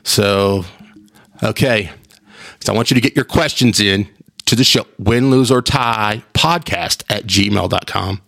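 A man's voice: fairly low pitch, measured pace, creaky. A man hosting his own podcast, rambling in casual chat with frequent restarts. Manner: rambling, animated, with repeated restarts. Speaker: podcast host.

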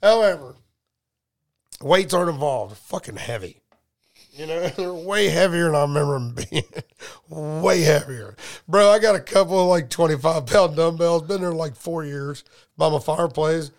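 Middle-aged man, gravelly, high-pitched, profane storyteller, joking podcast co-host. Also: normal speed. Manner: profane, joking, acts out both sides of conversations. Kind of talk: casual storytelling chat.

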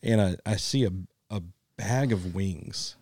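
A man's voice: on the low side, unhurried, darkish tone, no echo, clean studio sound. A man co-hosting a podcast, telling a rambling story with frequent laughs and casual swearing. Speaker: podcast co-host. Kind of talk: casual chat.

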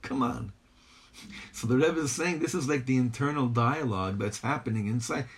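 A man's voice: medium pitch, fairly quick, breathy edge. A man teaching a Torah text, pressing his points with rhetorical questions and mixing Hebrew and Yiddish phrases into his English. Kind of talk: text-based lecture.

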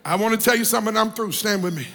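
A man preaching a sermon, breaking into sung cadences and shouting at the peaks. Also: sits high, very fast. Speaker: pastor. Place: church hall. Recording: long hall reverb, organ music behind.

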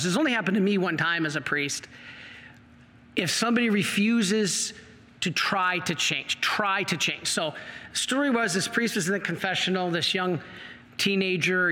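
A man's voice: sits high, pushed and bright. A middle-aged man, a priest, preaching with passion and telling a story, quoting the people in it. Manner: impassioned, storytelling with acted quotes. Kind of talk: sermon. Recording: long reverb of a large hall.

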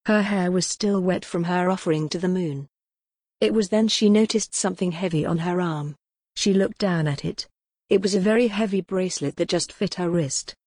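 A woman reading a gothic novel aloud as the audiobook narrator, in a measured, dramatic storytelling manner. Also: fairly low pitch, a little mellow, no room sound, studio quality. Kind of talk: scripted narration.

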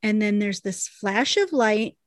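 A woman co-hosting a podcast, casually retelling a TV episode with lively asides. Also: medium pitch, measured pace, no echo. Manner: animated retelling, quoting characters in voices. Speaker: podcast co-host recapping a TV episode. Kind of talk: casual chat. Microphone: desk microphone.

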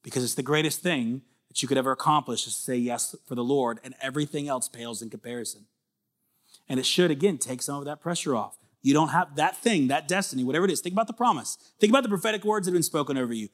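A man in his thirties preaching a sermon in a conversational way, building to loud emphatic peaks. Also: mid-range voice, fast talker. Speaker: pastor.

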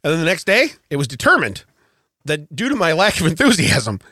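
A man co-hosting a casual podcast, spinning an animated story and hammering his points by saying them twice. His voice sits a bit high and swings widely in pitch, with a bright edge. The sound is dry and close. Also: brisk, dry recording. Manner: animated storytelling, repeats himself for emphasis. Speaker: podcast co-host. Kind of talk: casual chat.

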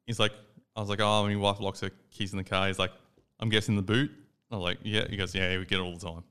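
A young Australian man with a lowish, smooth, clear voice tells a story on a casual podcast. He talks in an animated way and acts out each quoted line. He swears easily. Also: quick pace. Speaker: podcast co-host. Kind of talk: casual chat.

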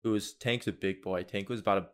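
A young man co-hosting a podcast, telling a story in a casual, animated way. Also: on the low side, fast talker, clear, resonant tone. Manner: animated storyteller, loud shouted impressions. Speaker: podcast co-host.

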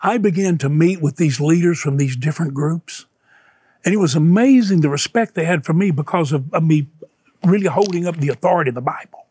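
A man's voice: sits high, a little mellow, husky, no echo. An older man, an evangelist guest, telling stories fervently in a conversation and repeating phrases for emphasis. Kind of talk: emotional storytelling in conversation.

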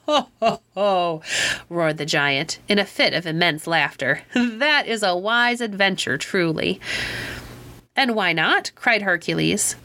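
Woman, storybook narrator, bright forceful voice, measured and expressive reading. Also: mid-range voice. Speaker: reader.

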